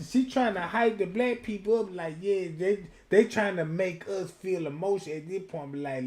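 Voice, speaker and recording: A man streaming a casual reaction commentary, loud and profane, who slips into sung bits and mock voices. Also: sits high, moderate pace, hardly any pauses. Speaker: streamer host.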